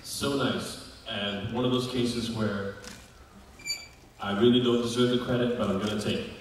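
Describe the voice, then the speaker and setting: A man at a convention panel telling comic stories in an animated, jokey way. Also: medium pitch, slow, long pauses. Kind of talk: convention Q&A storytelling. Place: large convention hall. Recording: echoey hall from far off, crowd noise.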